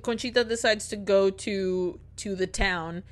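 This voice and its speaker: A woman co-hosting a podcast, retelling a film's plot in a lively, casual way, acting out the characters' lines and swearing freely. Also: medium pitch, unhurried. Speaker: podcast co-host. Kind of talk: casual film recap chat.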